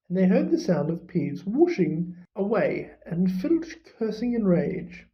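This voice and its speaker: Slow, measured storybook narrator. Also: medium pitch, sing-song. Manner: measured, unhurried reading. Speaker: audiobook reader. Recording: slightly muffled recording.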